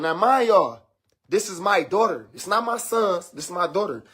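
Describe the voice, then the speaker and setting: A man's voice: high voice, lively intonation, moderate pace, fairly bright tone, husky. A father telling his own story in casual, blunt street slang, acting out quoted talk with his daughter, played from a video. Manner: blunt street slang, addresses listeners as bro.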